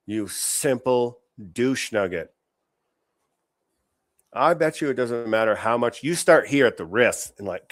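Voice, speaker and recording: A man's voice: lowish voice, dry recording, clean studio sound. Blunt, profane man ranting. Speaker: podcast host. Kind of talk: profane political commentary.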